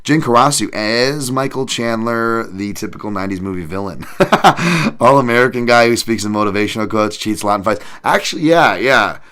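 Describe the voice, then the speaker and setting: A man's voice: mid-range voice, expressive, moderate pace, a bit bright, smooth. A man hosting a podcast, chatting casually with his live chat, swearing freely and joking at his own expense. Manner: profane, self-deprecating, reads chat aloud; laughs often, does funny voices. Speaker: podcast host.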